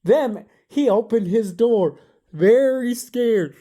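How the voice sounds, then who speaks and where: A woman improvises a silly comic story off the cuff, rambling, restarting, using fillers and correcting herself as she goes. Her voice is a little high, animated and warm, and she takes it slowly.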